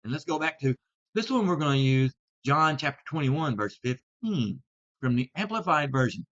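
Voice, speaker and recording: A man teaching about Bible translations in a video talk, speaking deliberately and stressing key words. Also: on the high side, lively intonation, a bit bright. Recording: slightly dull lo-fi sound.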